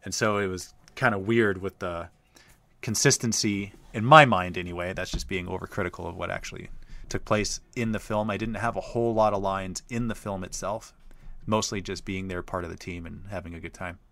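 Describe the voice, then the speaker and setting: Low, punchy male host spinning a rambling casual anecdote, recorded dry. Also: fairly even intonation, brisk, bright, forceful tone, dry recording. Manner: chatty, rambling, lots of uh fillers. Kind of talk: casual storytelling.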